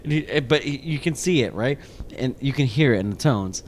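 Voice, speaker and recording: Podcast guy rambling and cussing, pitch all over the place, bit of hum behind. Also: brisk. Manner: animated, rambling, swears a lot. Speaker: podcast co-host. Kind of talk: casual chat.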